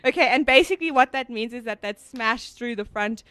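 A woman's voice: a little high, brisk, sharp tone, dry recording. A woman co-hosting a casual chat, telling a story with lots of restarts and fillers. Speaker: podcast co-host.

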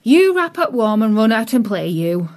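A woman's voice: a little high, sing-song, normal speed, darkish tone. A woman voicing a cheerful, chatty young serving girl, homely and outspoken.

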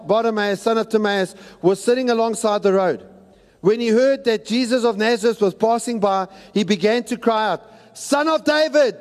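A man preaching a sermon to a congregation, animated and at times shouting, acting out the people in his story. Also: high-pitched. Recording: long reverb of a large hall.

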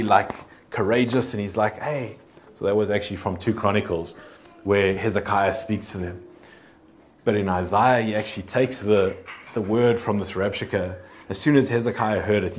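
A man preaching in a relaxed, hesitant way, reading scripture aloud with many fillers and restarts. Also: on the low side, slight background noise. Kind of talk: casual sermon with scripture reading.

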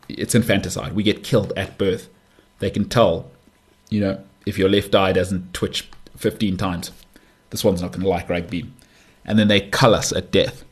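Brief: South African male podcast host, 30s, husky low voice, loose joking monologue. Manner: joking, rambling, full of asides and restarts. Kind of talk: casual solo podcast monologue.

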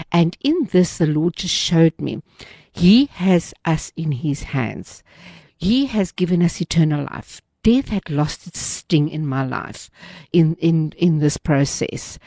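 A woman's voice: fairly low pitch, mellow, no echo, clean studio sound. A woman hosting a Christian program, sharing an earnest, devout testimony and reading scripture, often restarting her sentences.

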